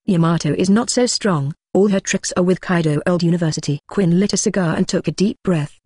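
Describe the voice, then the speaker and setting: Dry, even synthetic audiobook narrator. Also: mid-range voice, no room sound. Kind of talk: flat synthetic audiobook reading.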